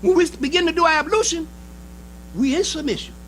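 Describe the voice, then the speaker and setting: A minister preaching a sermon in an emphatic style, with short repeated phrases and speech. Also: male voice, very high-pitched, a little fast, fairly bright tone, a little hiss or hum, rough recording. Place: temple hall.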